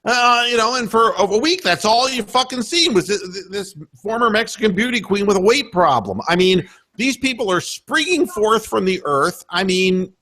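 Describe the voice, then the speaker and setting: A man's voice: high-pitched, sharp tone. A man hosting a radio show, delivering a heated, profane political rant, stumbling and repeating himself as he gets worked up. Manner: profane, indignant, emphatic; restarts and repeats when worked up.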